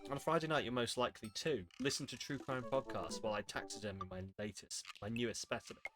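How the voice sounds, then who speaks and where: A man's voice: medium pitch, quick pace, over music. A man streaming a game, reading its lines aloud and reacting with wry, sarcastic asides. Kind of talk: casual commentary while reading a game aloud.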